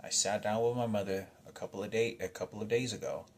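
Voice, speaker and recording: A man's voice: on the low side, steady tone. Agitated, profane man telling a story. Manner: agitated, rambling, heavy swearing; halting restarts, emotional. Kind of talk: personal storytelling monologue.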